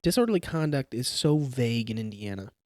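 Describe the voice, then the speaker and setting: A young man talks casually on a podcast about police work. His voice is mellow and warm, recorded close and dry on a studio mic. He explains through examples, restarting sentences as he goes. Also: mid-range voice, expressive, fairly quick, no echo. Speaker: police trainee or new officer.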